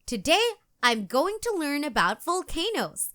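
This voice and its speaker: A woman's voice: sits high, big pitch swings, unhurried, pitched above the performer's own voice, exaggerated voice. A woman doing a spunky little schoolgirl. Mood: eager. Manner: bright, eager, emphatic.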